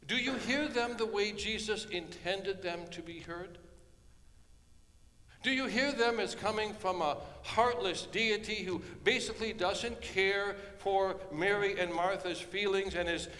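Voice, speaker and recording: A man preaching a sermon, telling a story dramatically and dropping from hushed tones to loud ones. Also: high-pitched, a little slow. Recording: long hall reverb.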